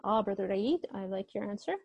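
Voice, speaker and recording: A woman's voice: medium pitch, expressive, brisk, vocal fry, breathy edge, no room sound, highs cut off. A woman teaching an online Arabic grammar class, explaining step by step and often checking with students, with a slight cough.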